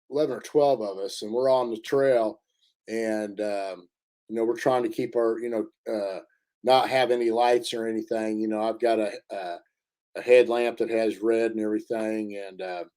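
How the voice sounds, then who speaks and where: A man telling a story in a casual interview, halting often with fillers and restarts. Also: mid-range voice, mellow. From Indiana. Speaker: interview guest.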